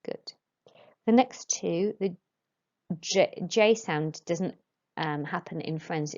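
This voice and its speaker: A woman, teaching French to pupils and modelling each word slowly and clearly. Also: fairly low pitch, a little mellow. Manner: slow, careful modelling of pronunciation for pupils. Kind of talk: recorded classroom lesson. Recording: dull lo-fi recording.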